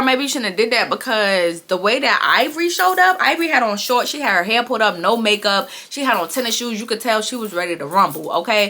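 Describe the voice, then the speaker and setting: A young woman, casually recapping a reality show and acting out quotes with big pitch jumps. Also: pushed and bright.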